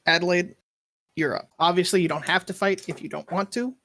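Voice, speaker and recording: Brief: easygoing game master, mid pitch, unhurried, stops and restarts often. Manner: relaxed, halting narration with frequent fillers. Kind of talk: running a tabletop game.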